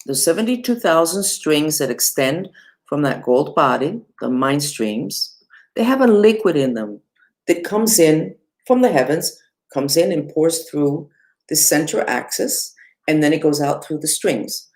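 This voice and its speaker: In a relaxed, talkative online lesson, a female spiritual teacher walks through mantras and mudras. Her pitch swoops widely, she pokes fun at herself now and then, and her delivery is slightly mellow.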